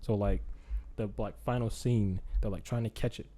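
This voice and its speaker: A casual young man with a somewhat low voice spins a story on a podcast. He rambles and piles on fillers, breaking into quick acted-out lines as he goes. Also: steady tone, dark tone. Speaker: podcast host. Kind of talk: casual chat.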